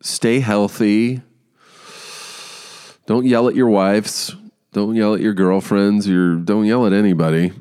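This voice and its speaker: A man hosting a podcast who tells a story on his own in a casual, animated way, swearing often. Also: on the low side, slow pace, long pauses, clear, resonant tone. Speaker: podcast host.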